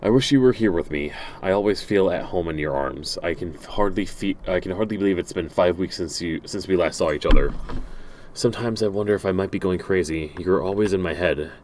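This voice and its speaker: Low-voiced man reading game letters aloud. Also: fairly quick, darkish tone, a little hiss or hum. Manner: stumbling, self-correcting reading with dry asides. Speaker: game streamer.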